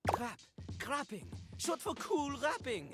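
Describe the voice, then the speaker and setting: A man's voice: very high-pitched, wildly swooping pitch, slow pace, fairly bright tone, full character voice. An actor voicing a cocky male toilet rapper, who boasts and talks about himself in the third person. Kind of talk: video game voice acting, rapping over a beat. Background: game music.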